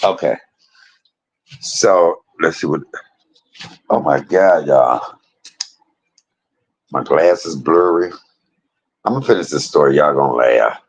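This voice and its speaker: A man, casually telling a personal story to his viewers, animated, laughing often and swearing freely. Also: extremely low pitch, slow pace, pauses often, poor audio.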